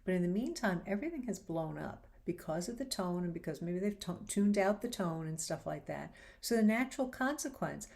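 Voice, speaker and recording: The host of a faith-based advice show, a woman, talks casually and acts out quoted lines with animated vocal shifts. Her lowish voice is brisk with vocal fry, and she barely pauses.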